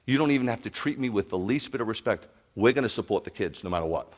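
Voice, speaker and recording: A man preaching to his congregation, animated, telling stories and asking the crowd questions. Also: on the low side, fast. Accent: New York. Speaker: pastor. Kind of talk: sermon to a congregation.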